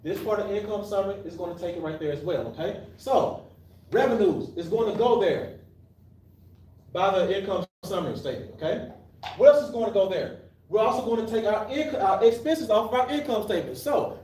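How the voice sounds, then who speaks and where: Heard from afar in a reverberant room, a man leads a live accounting class, throwing questions at students and then answering them and repeatedly restarting his sentences. His voice sits high with lively intonation and a darkish tone, he talks a little fast, and there's a slight hiss or hum.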